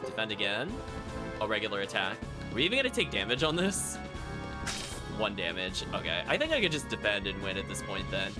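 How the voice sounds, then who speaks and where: A man's voice: fairly low pitch, big pitch swings, fairly quick. A man streaming a video game, giving casual play-by-play commentary with wry asides to his chat. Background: game music.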